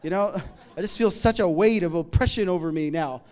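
A middle-aged man preaching a sermon in a conversational, humorous way, moving between loud emphatic lines and quiet asides. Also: high-pitched, fairly quick, clear, resonant tone. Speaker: pastor.

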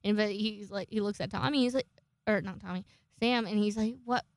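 Fairly quick and a little mellow, this young woman's medium-pitched voice comes through without echo. She hosts a casual chat show, rambling through stories packed with profanity and jokes at her own expense.

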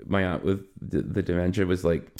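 Guy with a lowish voice rambling through a story, lots of "you know", voice bouncing around. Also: a little fast. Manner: rambling, many fillers, animated pitch swings. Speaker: podcast co-host. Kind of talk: casual conversational storytelling.

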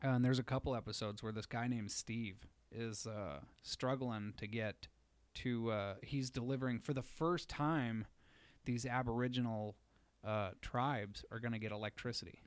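A man's voice: medium pitch, fairly even intonation, moderate pace, clear, resonant tone, no room sound. A man co-hosting a podcast in a studio, telling a long story in casual chat full of fillers. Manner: rambling storyteller, many fillers. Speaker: podcast co-host.

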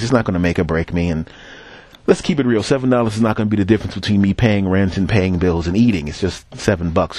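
Lively low-voiced man ranting on the street. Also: no room sound. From Philadelphia, USA. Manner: rambling, profane, animated storytelling. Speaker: podcast host. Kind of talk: casual solo monologue while walking. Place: city street, outdoors. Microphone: headset.

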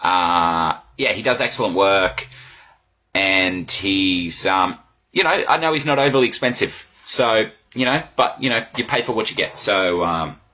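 A man's voice: deep voice, animated, measured pace, bright, forceful tone, dull audio. A man hosting a casual solo podcast, rambling and swearing freely and poking fun at himself. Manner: rambling, sweary, self-mocking. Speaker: podcast host. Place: home room in a swivel chair.

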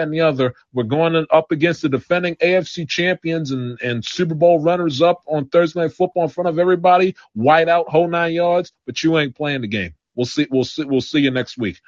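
A man's voice: a little high, dry recording. A man talking football on a podcast, rambling and restarting his sentences often. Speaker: podcast co-host. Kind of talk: casual sports chat. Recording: dull lo-fi sound.

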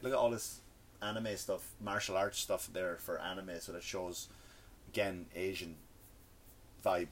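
A man's voice: lowish voice, fairly bright tone. A man with a non-American accent, seated indoors, rambling through a comedic rant, stammering and restarting often, with a sarcastic, mocking tone. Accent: non-American English.

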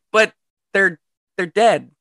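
Podcast co-host, playful and swearing, crisp bright tone, dry studio sound. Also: mid-range voice, expressive, extremely slow, no echo. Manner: profane, giggly, playful. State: says they are high. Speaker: podcast co-host recapping the film. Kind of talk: casual podcast chat. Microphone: podcast microphone.

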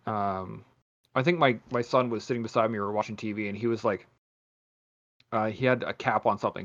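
A man hosting a podcast in casual chat, swearing freely and rambling through animated stories. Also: mid-range voice, quick pace, highs cut off. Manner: profane, rambling, animated storytelling.

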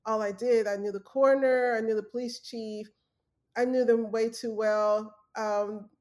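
A woman's voice: fairly high pitch, fairly even intonation, a little slow, darkish tone. An earnest young adult woman telling her story in a casual interview, with fillers and restarts. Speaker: guest, former journalist.

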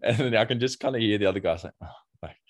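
A man's voice: lowish voice, racing. An Australian man co-hosting a podcast in casual, easygoing chat. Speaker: podcast co-host.

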